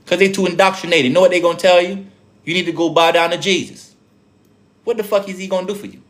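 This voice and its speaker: A man's voice: high voice, steady tone, fast talker, a bit bright. Preachy, profane man with an accent. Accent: speaks with an accent. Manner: profane, streetwise, full of rhetorical questions. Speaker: spiritual teacher addressing viewers. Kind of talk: preachy casual monologue.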